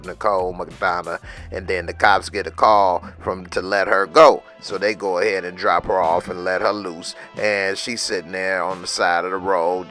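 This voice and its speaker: A man giving a casual, slangy recap of a TV episode and quoting the characters as he goes. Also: sits low. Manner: slangy, lively retelling with quoted lines. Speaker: TV recap reviewer.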